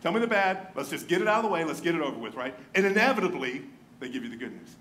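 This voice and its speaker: A male pastor preaching a sermon in a church, telling stories with lively swings and dropping to a hushed near-whisper for emphasis. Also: a little high, racing. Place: church sanctuary.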